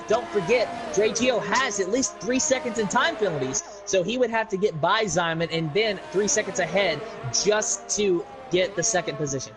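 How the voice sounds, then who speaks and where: A man calling fast play-by-play on an online racing league stream. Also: high voice. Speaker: sim racing lead commentator. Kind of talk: live esports race commentary.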